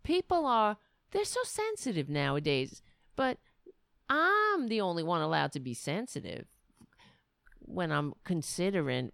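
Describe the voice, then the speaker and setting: A woman's voice: lowish voice, big pitch swings, unhurried, vocal fry, fairly bright tone, no room sound, clean studio sound. A middle-aged woman hosting a casual livestream, rambling and self-mocking as she chats to viewers and her cat. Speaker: livestream host.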